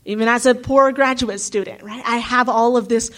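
A woman's voice: on the high side, steady tone, normal speed. A woman, a graduate student from the United States, talking earnestly and thinking aloud with frequent asides. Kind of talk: reflective talk.

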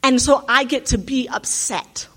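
A woman's voice: high voice, measured pace, fairly bright tone. A woman, a graduate student from the United States, talking earnestly and thinking aloud with frequent asides. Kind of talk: reflective talk.

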